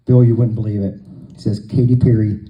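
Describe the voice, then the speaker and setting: A man's voice: lowish voice, flat delivery, brisk, lo-fi sound. A man telling long jokes to a live crowd, a folksy storyteller who acts out the dialogue.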